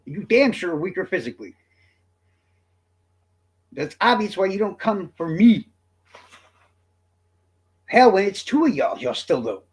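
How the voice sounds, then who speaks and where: A man rants at his viewers in a husky voice that swings up high and all over the place. He is profane and combative, and he talks straight to his audience in a livestream monologue. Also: big pitch swings, a little slow, long pauses. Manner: profane, combative, addressing chat directly. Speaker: streamer.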